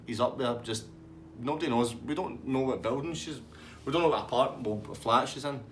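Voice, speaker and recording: A man's voice: mid-range voice, moderate pace, a bit bright, a little hiss or hum. A man with a Scottish accent telling a comic anecdote in a rambling, laughing way. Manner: rambling, laughing through the story. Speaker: storyteller.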